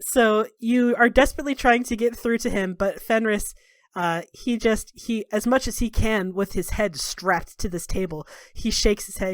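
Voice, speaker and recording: A woman's voice: mid-range voice, normal speed, no room sound, studio quality. A woman narrating a tabletop game as game master, describing the scene at length with many fillers.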